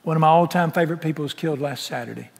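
A middle-aged pastor, preaching a folksy, impassioned sermon that swings from loud to soft. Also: male voice, on the high side, very fast, vocal fry. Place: large church sanctuary. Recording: echoey sanctuary with long reverb.

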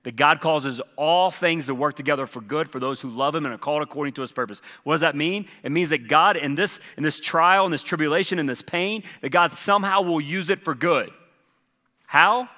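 Earnest bright-voiced man pastor in a hall. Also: fairly high pitch. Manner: earnest, repeats phrases for emphasis. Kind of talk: church Q&A teaching. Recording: long hall reverb.

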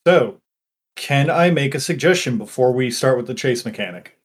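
A man's voice: mid-range voice, slightly rough. A man hosting a tabletop game podcast, chatting casually and stammering when put on the spot. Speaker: podcast host and player.

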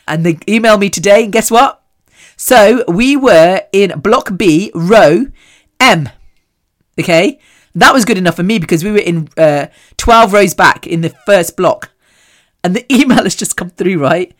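A woman hosting a podcast, talking casually and telling animated stories with frequent laughs. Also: lowish voice, moderate pace. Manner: chatty, animated storytelling; laughs often. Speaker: podcast host. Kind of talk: casual chat.

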